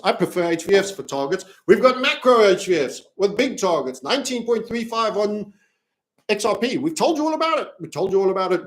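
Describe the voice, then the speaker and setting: A man from Africa hosting a crypto chart analysis video, rambling and jokey as he walks through the charts. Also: on the high side. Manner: rambling, jokey, self-promoting. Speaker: crypto trading analyst and channel host.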